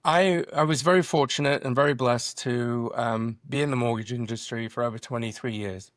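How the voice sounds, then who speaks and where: Animated middle-aged man telling stories. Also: mid-range voice, moderate pace, dry recording, studio quality. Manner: animated storyteller acting out dialogue. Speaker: guest, drone business founder. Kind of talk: podcast interview.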